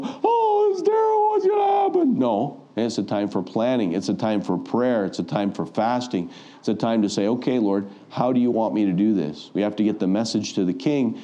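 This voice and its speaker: A man's voice: on the low side, warm tone. A man preaching a sermon, retelling a Bible story and acting out the voices of the people in it. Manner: storytelling, acts out quoted voices.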